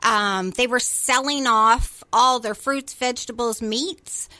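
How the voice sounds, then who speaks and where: Bright-voiced middle-aged woman. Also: fairly high pitch, fairly even intonation, slow, no room sound. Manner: warmly agreeing, frequent affirmations. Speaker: co-host. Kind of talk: casual chat.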